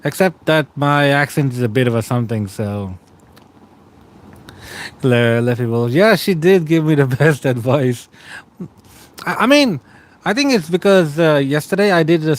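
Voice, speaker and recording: A man's voice: on the high side, moderate pace. A man in his thirties from Australia, chatting casually with stream viewers while lying tired in bed. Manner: relaxed, rambling, greets chat by name.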